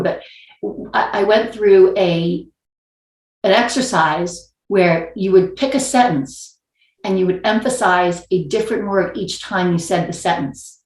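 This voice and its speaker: A woman from New York, with a New York accent, speaks as a panelist in a video-call panel discussion. She is thoughtful and wordy, restarting often, and her fairly low voice has a roomy sound.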